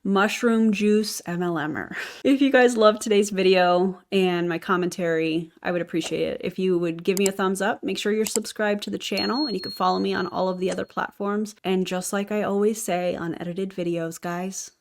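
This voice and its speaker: A woman's voice: medium pitch, steady tone, normal speed, hardly any pauses. A woman hosting a reaction commentary, blunt and sarcastic. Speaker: anti-MLM commentary host.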